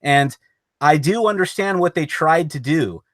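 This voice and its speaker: A man's voice: on the high side, expressive, measured pace, fairly bright tone, no room sound, studio quality. Skeptical man arguing about a movie. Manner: skeptical, argumentative, swears casually. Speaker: podcast co-host. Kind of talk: casual film discussion.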